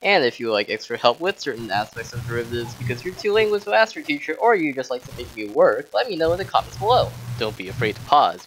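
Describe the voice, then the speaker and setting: A man's voice: medium pitch, a bit bright, a little hiss or hum. Sarcastic young man boasting through calculus. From United States. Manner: mock-arrogant, sarcastic boasting. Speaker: student tutor. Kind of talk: sarcastic math walkthrough voice-over.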